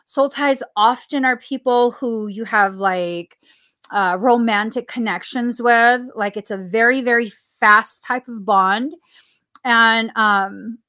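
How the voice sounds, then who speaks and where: Slow, earnest woman podcast host. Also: on the high side, pushed and bright. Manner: earnest, repeats phrases for emphasis. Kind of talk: casual spiritual podcast talk. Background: coffee sips between remarks.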